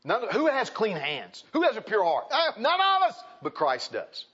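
A man preaching a sermon in a folksy way, dropping to hushed asides and rising to loud exclaims. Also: sits high, huge pitch swings, moderate pace, husky. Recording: dull lo-fi sound.

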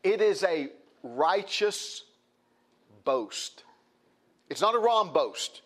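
A man's voice: high-pitched, big pitch swings, extremely slow, fairly bright tone. A man preaching a sermon, emphatic and repetitive, often restarting his phrases.

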